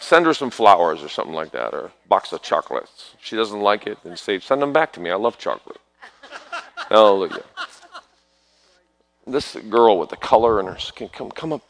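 Gravelly fervent preacher, man. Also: lowish voice, big pitch swings, normal speed, no room sound. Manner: calls people forward, prays over them with sudden loud bursts. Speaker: preacher leading prayer ministry. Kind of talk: fervent altar-call prayer.

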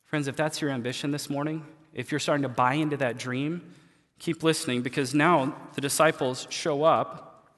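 Folksy preacher in a reverberant hall. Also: male voice, a little high, steady tone, normal speed. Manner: folksy, colloquial, swings between quiet and loud. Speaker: pastor. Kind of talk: sermon. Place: church sanctuary.

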